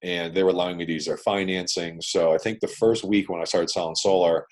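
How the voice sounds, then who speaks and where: Deep-voiced blunt man telling his story. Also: steady tone, quick pace. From Canada. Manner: blunt, profane, swaps in "man" and "dude". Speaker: guest entrepreneur. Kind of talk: casual storytelling interview. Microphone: video call.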